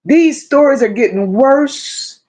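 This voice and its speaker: Female live-stream host, unhurried, repeats her points, addresses chat by name. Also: sits high, lively intonation, a little mellow. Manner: emphatic, repeats phrases, chats to viewers by name. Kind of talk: casual live-stream commentary.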